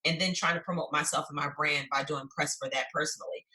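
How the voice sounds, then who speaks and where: A woman in her thirties, a podcast guest, talking in an animated, driven way about her busy schedule. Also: low-pitched, quick pace. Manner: animated, driven, talks in long lists. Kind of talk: casual chat.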